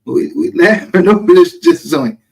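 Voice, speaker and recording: A man's voice: high voice, big pitch swings, normal speed, vocal fry, darkish tone. A man hosting a casual livestream, brash and profane, laughing often as he talks. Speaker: livestream host.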